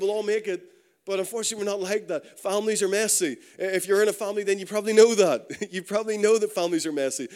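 A male pastor preaching an earnest sermon, dropping low and soft then rising to punchy emphasis, acting out quoted inner voices.

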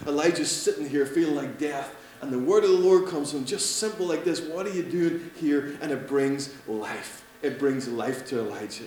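A man preaching a sermon, animated, swinging between loud emphatic lines and soft hushed ones. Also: a little high, normal speed, hardly any pauses. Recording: echoey room with faint hum.

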